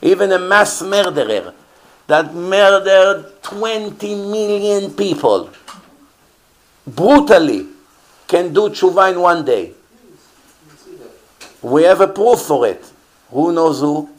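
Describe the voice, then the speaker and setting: A man's voice: a little high, animated, measured pace, pauses often. A man teaching as a rabbi in an earnest, emphatic sermon, often repeating rhetorical questions.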